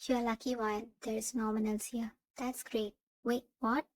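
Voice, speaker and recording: A woman reading second-person fan fiction narration in an even, steady way. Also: on the high side, measured pace, low-quality recording.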